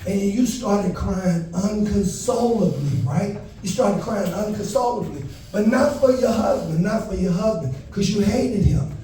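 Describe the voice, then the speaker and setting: High-voiced comedian, far in an echoey room. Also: male voice, unhurried, few pauses. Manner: animated storytelling, shouting in panic bits. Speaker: stand-up comedian. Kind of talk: stand-up comedy set. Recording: echoey venue heard from a distance.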